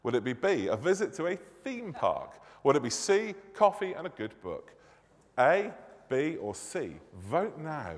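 A man's voice: fairly high pitch, big pitch swings, unhurried. A man in his thirties from Manchester with a Northern English accent, running a playful quiz during a church service, joking with the congregation. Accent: Northern English, Mancunian. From Manchester, England. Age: 30s. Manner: jokey, self-deprecating, chatty with the congregation. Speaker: church minister. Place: church hall or nave. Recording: long church reverb.

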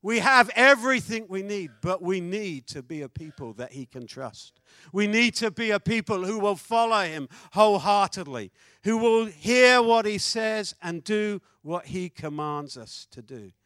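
A man preaching a sermon, telling a story with animated swings between loud declarations and hushed asides. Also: sits high, unhurried, dry recording.

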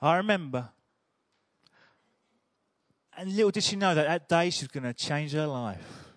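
A man's voice: a little high, animated, normal speed, no echo, clean studio sound. A man preaching a sermon in a chatty, humorous storytelling way.

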